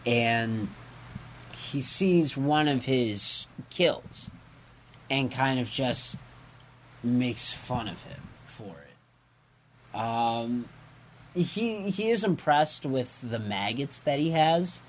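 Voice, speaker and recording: Podcast co-host, male, unhurried and giggly, acts out quotes; light background noise. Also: medium pitch. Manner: giggly, animated retelling of a comic, acts out quotes. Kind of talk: casual podcast chat.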